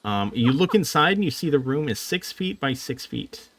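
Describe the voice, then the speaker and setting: A man narrating a tabletop game as game master, halting with frequent fillers. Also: mid-range voice, very animated, fairly bright tone.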